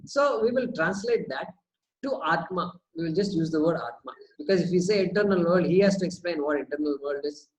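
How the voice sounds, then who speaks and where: Guy teaching, kinda high voice, lively, keeps asking rhetorical questions. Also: fairly quick, poor audio. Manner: repeats words as he thinks. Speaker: spiritual teacher. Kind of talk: question-and-answer teaching session.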